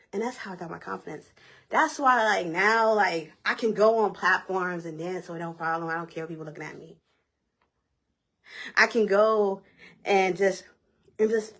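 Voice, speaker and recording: A young woman vlogger telling a personal story in a casual, animated, slangy way. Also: mid-range voice, slightly rough. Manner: animated, repeats herself, slangy and conversational.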